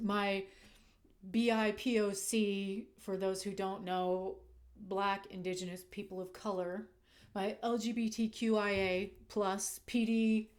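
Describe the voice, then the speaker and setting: Woman vlogger, mid pitch, frank casual commentary, punchy and a bit profane. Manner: candid, emphatic, swears when heated. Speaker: channel host. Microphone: desk microphone.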